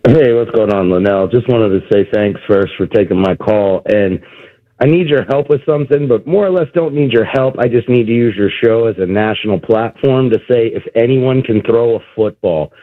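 A man's voice: on the low side, normal speed. A man calling into a sports radio show, wry and exasperated, over a phone line. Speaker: caller. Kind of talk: call-in phone chat.

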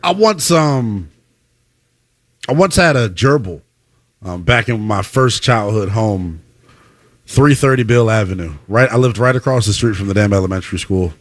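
A young man co-hosting a casual chat, playful and quick to laugh, telling rambling anecdotes. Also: on the low side, animated, dry recording.

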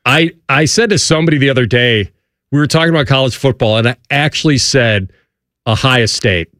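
A man's voice: mid-range voice, fast talker, a bit bright, no echo. A man with a Chicago accent hosting a casual studio chat, telling stories and jumping into quoted voices. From Midwest, Chicago.

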